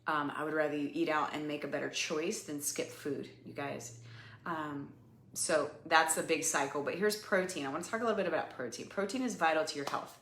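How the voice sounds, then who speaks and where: Casual fitness-podcast host, woman, lowish voice, chatty and repetitive, echoey room. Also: fairly quick, a bit bright. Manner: chatty, repetitive, many ums and "you guys". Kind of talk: casual coaching talk to listeners.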